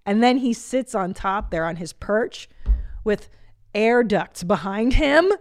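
Taking it slowly, a woman in her forties hosts a podcast in an expressive, mid-range voice, the recording dry and studio quality. Her monologue is casual, comedic, profane and chatty, punctuated by frequent laughs.

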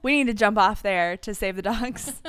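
A young woman co-hosting a podcast, playful and quick to react while listening to a story. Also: mid-range voice, fairly bright tone, smooth. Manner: playful, reacts with laughs and gasps. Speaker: podcast co-host. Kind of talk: casual chat.

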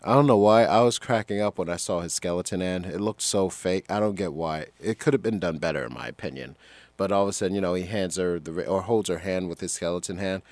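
Deep-voiced man in casual chat. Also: quick pace, darkish tone, dry recording. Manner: rambling, chuckles often, trails off. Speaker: podcast co-host.

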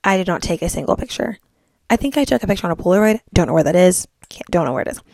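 A woman's voice: lowish voice, lively intonation, racing, vocal fry, a little mellow, no room sound, clean studio sound. A young woman vlogging in a bubbly, chatty way, filling her talk with "like". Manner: bubbly, chatty, heavy use of "like". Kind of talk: casual chat to camera.

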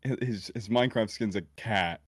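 A man's voice: on the low side, normal speed, husky, no room sound, clean studio sound. A man in his twenties, a guest in a casual chat, explaining his jokes in a laid-back way full of fillers. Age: 20s.

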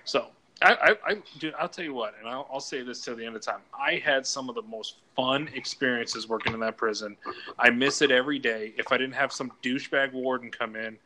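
A man with a bright, forceful voice tells crude prison stories on a casual podcast. He laughs often and acts out other people's lines as he goes. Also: medium pitch, fairly quick, a little hiss or hum. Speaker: podcast co-host, former prison case manager. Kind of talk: casual storytelling chat.

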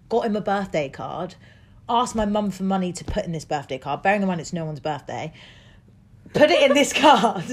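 A young woman telling stories in casual chat, full of fillers and laughs. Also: mid-range voice. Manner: chatty storytelling, laughs often, many "like" fillers.

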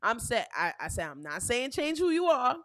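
A woman's voice: fairly high pitch, sing-song, normal speed, a bit bright, no room sound, clean studio sound. A woman chatting casually as a podcast co-host, explaining her point and retelling conversations. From New York. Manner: conversational, explaining with reported dialogue. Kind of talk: casual chat.

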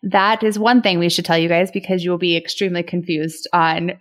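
A woman's voice: on the low side, little pitch movement, a little fast. A woman from Ohio, co-hosting a podcast in casual chat with friends, chatty and laughing often. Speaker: podcast co-host.

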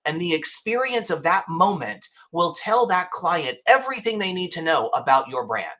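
Guest, male: emphatic storyteller, slightly high, bright forceful tone, restarts often. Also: sing-song, moderate pace. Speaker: podcast guest. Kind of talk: casual interview chat.

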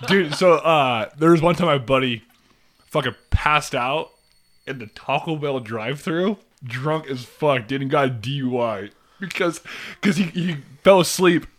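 Young dude, slightly higher voice, bright, chill and swears a bunch. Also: male voice, measured pace. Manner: laid-back, swearing, laughing. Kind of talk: casual storytelling chat.

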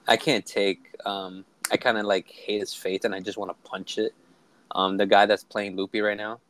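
A man's voice: fairly low pitch, little pitch movement, moderate pace, fairly bright tone. A man in a casual podcast chat, blunt and full of fillers. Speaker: podcast co-host.

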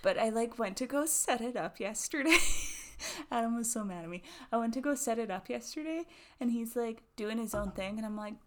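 A woman's voice: fairly high pitch, lively intonation, moderate pace, fairly bright tone, a little hiss or hum. Giggly chatty woman podcast host. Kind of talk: casual chat. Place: small home studio.

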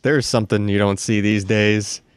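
A man hosting a casual tech podcast, animated and laughing often, with frequent restarts. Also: on the low side, moderate pace, clear, resonant tone, no echo, clean studio sound. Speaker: podcast host.

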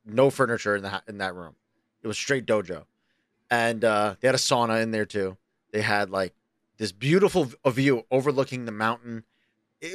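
A man from New York co-hosts a casual podcast chat, telling rambling stories full of swearing. His voice sits in an ordinary middle range and leaps up high whenever he acts out his own panic. The sound is dry and close, with no room in it. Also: no echo. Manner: animated, profane, jumps into high excited voices when quoting himself. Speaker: podcast co-host.

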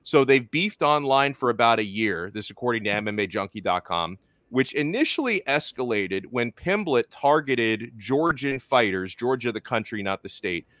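A man's voice: mid-range voice, expressive, moderate pace, fairly bright tone, dry recording. A man hosting a sports talk show, chatting loosely with lots of restarts. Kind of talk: casual sports chat.

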